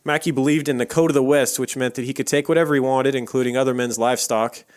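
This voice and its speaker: A man in the middle of a voice, telling a true crime story on a podcast. He talks in a loose, easygoing way, leaning on fillers and casual swearing. His tone stays conversational and unhurried. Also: mid-range voice, steady tone, a little mellow. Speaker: podcast co-host.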